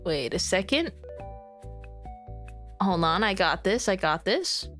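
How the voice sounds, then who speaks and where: A woman's voice: medium pitch, big pitch swings, slow, a bit bright. A woman streaming from home, chatting casually to her viewers in a bubbly, giggly way that rambles from one thing to the next. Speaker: VTuber streamer. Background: faint background music.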